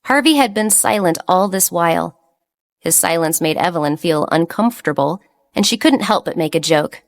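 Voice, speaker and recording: A woman's voice: lowish voice, lively intonation, moderate pace, vocal fry. Woman narrating a romance audiobook. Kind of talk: scripted narration.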